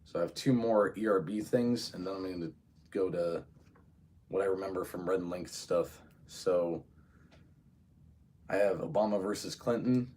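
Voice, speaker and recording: A man's voice: low voice, normal speed, pauses often, warm tone, a little hiss or hum. Rambling man thinking aloud. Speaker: video creator. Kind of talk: casual solo vlog.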